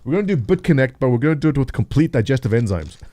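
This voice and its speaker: Mellow-voiced joking man in his thirties. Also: mid-range voice, very animated, fast talker, no room sound. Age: 30s. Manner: joking, rambling, answers chat by name. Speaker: livestream host. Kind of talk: casual chat with live chat readers.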